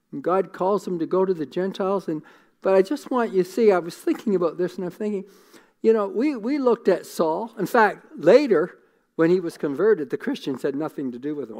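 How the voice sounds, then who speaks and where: A man's voice: on the high side, normal speed, darkish tone. A man preaching a sermon in an earnest, conversational way, often repeating words as he thinks. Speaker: pastor.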